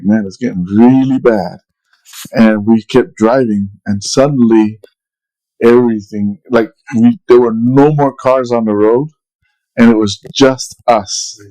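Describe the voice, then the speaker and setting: Dark-voiced man telling a rambling story. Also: mid-range voice, low-quality recording. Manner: rambling, with many restarts and quoted dialogue. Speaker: podcast co-host. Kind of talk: casual storytelling.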